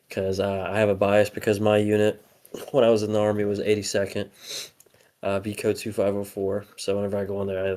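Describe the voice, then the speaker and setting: A man's voice: lowish voice, darkish tone. A young man co-hosting a podcast, chatting casually, rambling with lots of fillers and frequent swearing. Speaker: podcast co-host.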